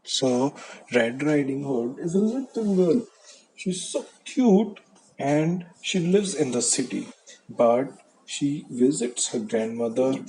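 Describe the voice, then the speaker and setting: Slow, lively man telling a bedtime story. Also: medium pitch, a little hiss or hum, poor audio. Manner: gentle, asks the listener questions. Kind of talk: bedtime story for a young child.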